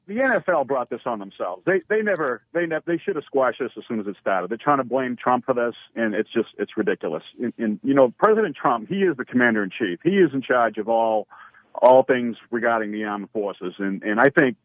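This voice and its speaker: A man's voice: medium pitch, animated, brisk, no room sound. A man calling in to a radio talk show, talking heatedly and stumbling over his words with many restarts. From Massachusetts. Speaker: caller. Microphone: phone. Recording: tinny phone line, dry.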